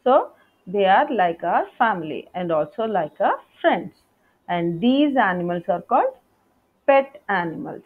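A woman's voice: medium pitch, sing-song, unhurried. A woman teacher giving a patient lesson to young schoolchildren, spelling out words letter by letter. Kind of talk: online class lesson for young children. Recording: tinny phone-like audio.

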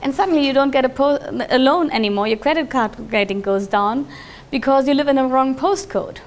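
High-voiced woman giving a lively talk. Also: fairly quick. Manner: laughs often while telling stories; lively, with frequent restarts and fillers. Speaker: conference speaker. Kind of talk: live talk with audience questions.

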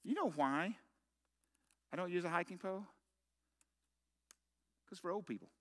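A man's voice: high voice, expressive, moderate pace, a bit bright. A middle-aged man preaching a sermon as pastor, telling a story with self-mocking humor and punchy rhetorical questions.

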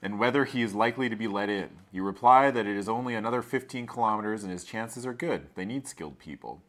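A man reading a choose-your-path gamebook aloud and joking with friends, animated and laughing, with some swearing. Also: fairly low pitch, fast talker.

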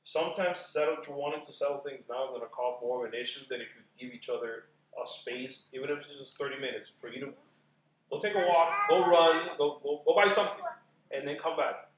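A man chatting as a podcast guest about marriage, animated and acting out quoted voices as he talks. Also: mid-range voice, brisk, roomy sound, slight background noise, low-quality recording. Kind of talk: casual podcast chat.

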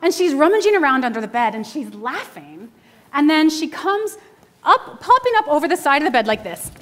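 Woman, 40s, minister, sermon, conversational, animated, laughs a lot, slightly high voice. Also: brisk. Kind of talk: storytelling sermon. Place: church sanctuary.

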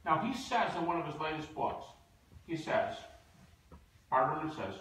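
A man giving an emphatic, animated lecture with stories, acting out the people he quotes. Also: high voice, brisk. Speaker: guest lecturer. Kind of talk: lecture with storytelling. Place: university lecture hall. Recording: echoey hall, distant mic.

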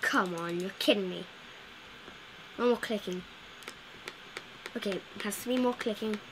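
A woman's voice: medium pitch, unhurried, noisy background. A woman giving casual, playful commentary while playing a video game, chatting to the characters on screen. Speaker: gameplay video host.

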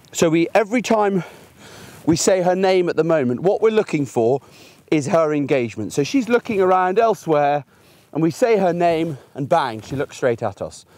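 A man's voice: fairly high pitch, a little mellow. Chatty man training a puppy outdoors. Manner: chatty, explains with everyday examples. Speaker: gundog trainer. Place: outdoors in a field by a fence.

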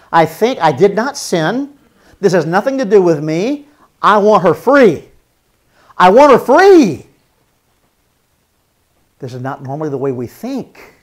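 High-voiced earnest male pastor. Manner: earnest, repeats phrases for emphasis and acts out spoken apologies. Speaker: pastor teaching a marriage seminar. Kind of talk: seminar teaching.

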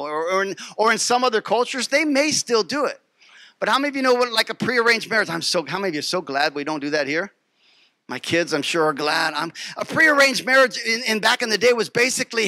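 A man preaching a sermon as pastor, animated and emphatic, repeating phrases and putting questions to the congregation. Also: high voice, fairly quick, dry recording. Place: church.

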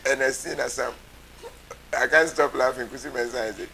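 A man's voice: medium pitch, brisk, creaky, pushed and bright, breathy edge, rough recording. A man hosting a live show, casually reading viewer comments aloud.

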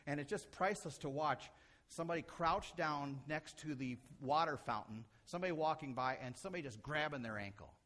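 A middle-aged man preaching a sermon as a pastor, animated, acting out quotes and shifting from loud to soft. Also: fairly high pitch, fairly quick.

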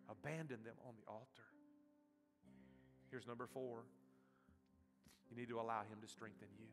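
A male pastor preaching a sermon, surging loud with passion and then dropping to a soft hush. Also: medium pitch, expressive, normal speed, pauses often. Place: church sanctuary. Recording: reverberant church hall with soft guitar.

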